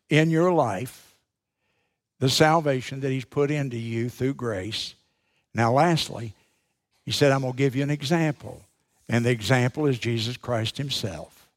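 Male pastor, unhurried sermon delivery, mid-pitched, leans on repetition and pauses. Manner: emphatic preaching with dramatic pauses, repeats key phrases.

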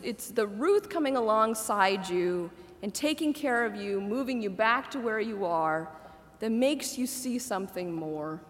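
A woman in her forties giving a conversational sermon, laughing at her own asides. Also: medium pitch. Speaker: preacher. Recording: echoey hall reverb.

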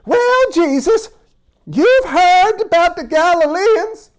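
A questioner from an ancient crowd speaks in a put-on British accent, as a preacher acts him out. The voice sits very high and draws the questions out slowly and pointedly. He sounds a little distant from the mic. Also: lively intonation, full character voice. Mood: probing.

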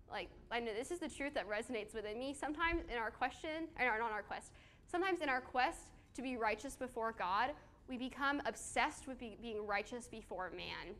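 A woman's voice: on the high side, expressive, normal speed, fairly bright tone. A woman giving a casual sermon to a small live group on a handheld mic, chatty and self-deprecating, with fillers and questions to the audience. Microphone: handheld microphone.

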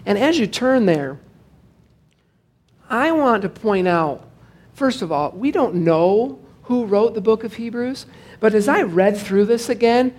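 A man's voice: high-pitched, lively intonation, a little mellow. Conversational male pastor preaching a sermon. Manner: conversational and digressive, with jokes to the congregation; slows down to stress scripture.

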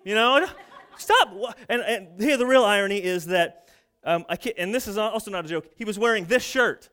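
High-pitched, a little bright and smooth, this man in his thirties delivers a sermon as a pastor. He tells stories about his family, performing the voices of his children and parents.

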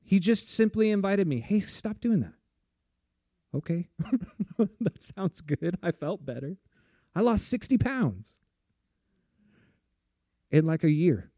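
Chatty preaching man, warm and dry. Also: high voice, lively intonation, slow pace, pauses often, dry recording. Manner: casual, chatty preaching with frequent laughs and "like". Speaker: pastor. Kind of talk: sermon.

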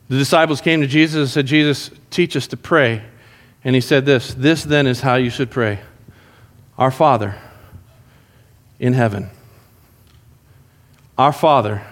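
A man preaching a sermon, telling stories in an animated way and acting out the people in them. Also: mid-range voice. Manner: animated storytelling, acts out prayers. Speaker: pastor.

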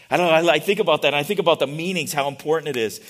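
A middle-aged man preaching a sermon in a relaxed, conversational way, often asking the congregation questions. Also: a little high, very fast. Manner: chatty, asks the congregation questions. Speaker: pastor.

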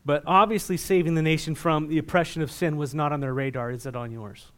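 A man preaching a sermon as a pastor, asking the congregation questions and growing loud and emphatic when reading scripture. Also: on the high side, fairly even intonation, a little fast.

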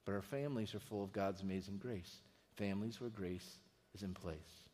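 A middle-aged man preaching a sermon as a pastor, telling stories in a lively, conversational way. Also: low-pitched, moderate pace. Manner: storytelling, animated and conversational. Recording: reverberant hall.

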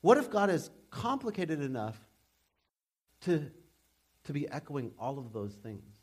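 A young adult man preaching a sermon as pastor, in a casual, animated way with frequent restarts. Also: fairly high pitch, a little slow, slightly rough.

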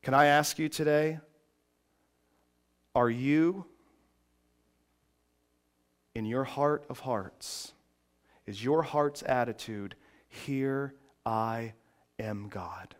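Slow, resonant male preacher. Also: medium pitch. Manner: builds from quiet reflective passages to loud emphatic preaching. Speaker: pastor. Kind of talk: sermon.

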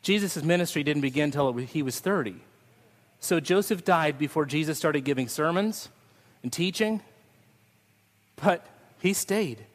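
Pastor preaching in an echoing hall. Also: male voice, fairly high pitch, animated, a little slow, long pauses. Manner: storytelling with sung snippets, ending in prayer. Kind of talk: Christmas Eve sermon. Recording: long hall reverb.

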